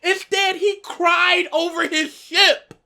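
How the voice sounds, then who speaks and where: A woman co-hosting a casual chat, animated and laughing often as she reacts. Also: very high voice, slow pace. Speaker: podcast co-host.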